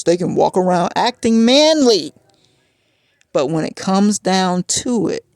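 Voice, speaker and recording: A woman's voice: lowish voice, creaky, a little mellow, dry recording. A woman telling a personal story in a frustrated, agitated way, as a vlog rant.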